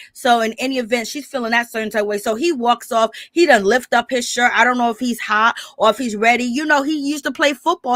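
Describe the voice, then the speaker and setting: A woman gives chatty, opinionated commentary on a reality show and rambles from one point to the next. Her voice is bright and forceful, and she laughs easily. The sound is dry and close, with little room echo. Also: high voice. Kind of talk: casual commentary.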